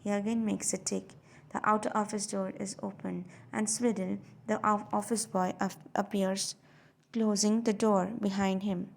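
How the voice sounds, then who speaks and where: A woman reads a stage play aloud for learners, voicing its stage directions. Her voice has a gravelly rasp at a middling pitch. She reads steadily with occasional slips. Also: little pitch movement, moderate pace, a little mellow. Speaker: audiobook reader.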